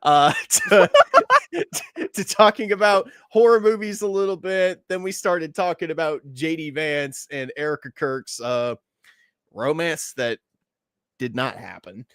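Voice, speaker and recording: A man's voice: fairly high pitch, unhurried, clear, resonant tone, no room sound, studio quality. A man co-hosting a podcast, talking bluntly in casual banter, swearing and laughing often. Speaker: podcast co-host.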